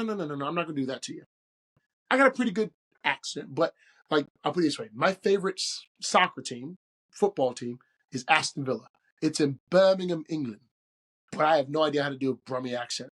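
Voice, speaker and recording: A man in his forties hosting a casual solo podcast, upbeat and conversational with slangy phrasing. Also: fairly high pitch. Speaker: podcast host.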